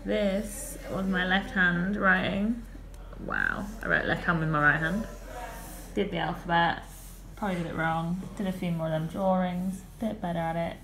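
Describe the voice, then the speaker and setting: A woman in her twenties, talking softly and a bit nervously in a personal vlog. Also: on the low side, creaky, slight background noise. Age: 20s. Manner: soft-spoken and nervous, often hushed. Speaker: vlogger.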